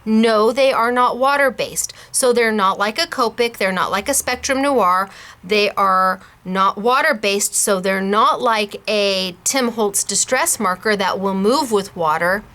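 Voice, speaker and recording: A woman hosting a casual craft tutorial, chatty and bubbly and quick to laugh. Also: medium pitch, bright, forceful tone. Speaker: host of a scrapbooking shop channel.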